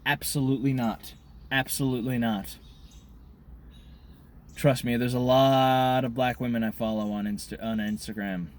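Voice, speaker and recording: A man ranting in a profane monologue to camera, smoking a cigar as he talks, swinging between loud outbursts and muttered asides. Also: medium pitch, steady tone, moderate pace, long pauses. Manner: smoking a cigar while talking. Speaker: vlogger.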